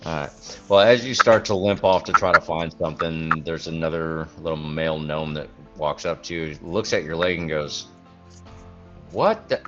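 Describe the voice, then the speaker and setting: A man narrating as game master of a tabletop game, animated and acting out sounds. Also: rumbling low, normal speed, dull audio, music in the background. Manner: animated, acts out sounds and characters.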